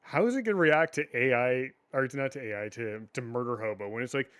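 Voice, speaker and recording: A man's voice: medium pitch, fast talker, few pauses, fairly bright tone, smooth. A man co-hosting a casual gaming news podcast, ranting with lots of swearing and frequent laughs. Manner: profane, ranting, laughs often. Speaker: podcast co-host.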